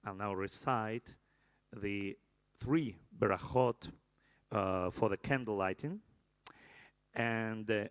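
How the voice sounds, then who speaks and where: A man with an Israeli accent leading a candle-lighting prayer at a live celebration, halting with many fillers and joking asides to the crowd. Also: fairly low pitch, a bit bright, dry recording.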